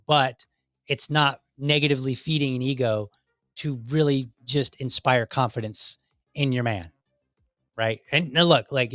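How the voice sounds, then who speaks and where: A man hosting his own podcast, talking casually and rambling, acting out quick quoted voices as he gives advice. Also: medium pitch, fairly bright tone, no room sound, studio quality. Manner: chatty, rambling, acts out little quoted voices. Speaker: podcast host. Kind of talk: casual solo commentary.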